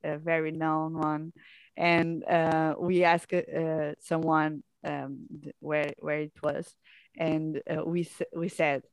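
Portuguese woman guest, low-pitched, hesitant, dry close-miked. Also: flat delivery, takes it slowly, clear, resonant tone, no echo. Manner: hesitant, many fillers. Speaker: guest musician. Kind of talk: casual chat.

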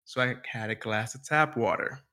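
Man, podcast co-host, casual slang-heavy storytelling, bright forceful voice. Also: medium pitch, normal speed. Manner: laid-back storytelling with slang and swearing. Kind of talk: casual chat.

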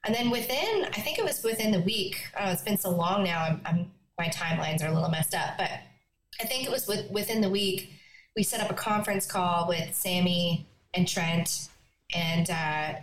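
A young woman from Newfoundland, Canada, guest on an interview podcast, telling her story in a lively, chatty way with quick asides. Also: lowish voice. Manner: animated, laughing, quick asides. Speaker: guest, country singer-songwriter. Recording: echoey room, faint noise.

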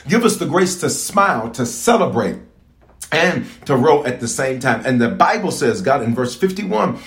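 Man, bishop, preaching prayer call, emphatic, repetitive, echoey room. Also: a little high. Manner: emphatic, repeats phrases, calls to congregation.

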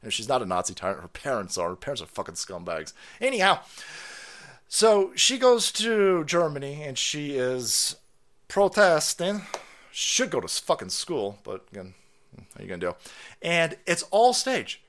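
A man hosting a livestream, ranting loudly with sarcasm, constant cursing and frequent laughter. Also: fairly high pitch, sing-song, moderate pace. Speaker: livestream host. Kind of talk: profane ranting commentary.

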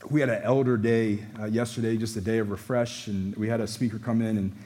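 A man preaching a sermon as pastor, earnest and emphatic, with quiet reflective passages, ending in prayer. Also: fairly low pitch, steady tone, brisk. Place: church sanctuary. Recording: long church hall reverb.

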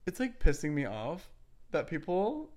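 A woman's voice: low voice, sing-song, a little slow, a little mellow. A young woman co-hosting a casual chat show, chatty, laughing often and filling her talk with "like". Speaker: podcast co-host.

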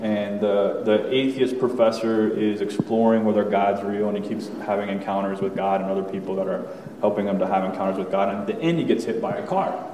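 Low-voiced man in an echoey church. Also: steady tone, fairly quick, noisy background. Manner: candid, conversational, with frequent fillers and soft laughs. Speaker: church speaker sharing a personal testimony. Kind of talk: personal testimony before a congregation. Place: church sanctuary. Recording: echoey hall, voice from far off.

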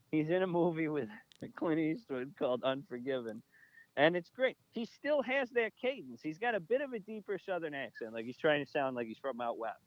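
A man co-hosting a podcast, telling stories in an animated, excitable way and laughing often. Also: on the high side, moderate pace, dry recording, muffled recording. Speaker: podcast co-host. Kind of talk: casual chat.

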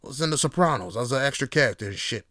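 A man's voice: mid-range voice, expressive, racing, bright, forceful tone, no echo, clean studio sound. A man hosting his own show, talking in a loose, profane solo monologue with laughing asides. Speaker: host.

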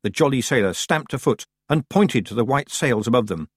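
A man narrating an audiobook in an expressive, measured storytelling manner. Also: mid-range voice, breathy edge, dry recording, studio quality. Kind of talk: scripted narration.

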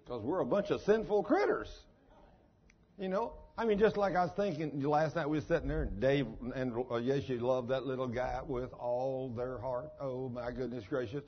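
Older male pastor, husky and a bit high-pitched, folksy sermon on a dull lo-fi recording. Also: expressive, normal speed. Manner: folksy storytelling, down-home phrasing.

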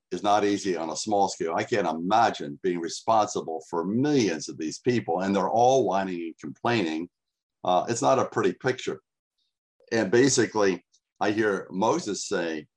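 A man's voice: lowish voice, moderate pace. A man preaching a sermon to a congregation, speaking in a casual, conversational way with frequent fillers. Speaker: pastor.

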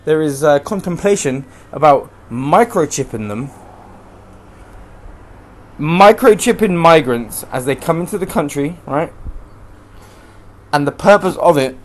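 A man's voice: a little high, expressive, unhurried, long pauses. A young man hosting a solo podcast from home, ranting in a profane, rambling, heated way. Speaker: podcast host. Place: room at home.

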